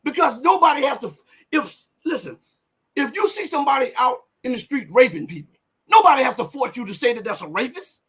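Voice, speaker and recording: A man with a strikingly high, husky voice delivers live political commentary. He talks with fiery conviction, hammering home points with repetition and climbing almost to a shout when he presses hardest. The delivery is rhetorical and driven. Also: very animated, fairly quick. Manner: impassioned, rhetorical, repeats phrases for emphasis; voice rises to near shouts on key points.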